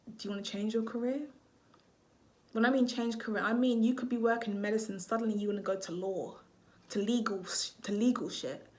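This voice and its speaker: A woman's voice: medium pitch, steady tone, brisk, darkish tone. A woman astrologer talking casually to camera, rambling, swearing freely and often losing her train of thought.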